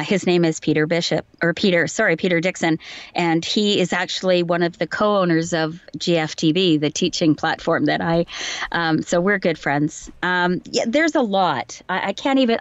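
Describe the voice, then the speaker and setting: A woman's voice: fairly low pitch, dry recording, lo-fi sound. A woman voice actor chatting in an interview, telling anecdotes and laughing easily. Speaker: voice actor guest. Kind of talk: casual interview chat.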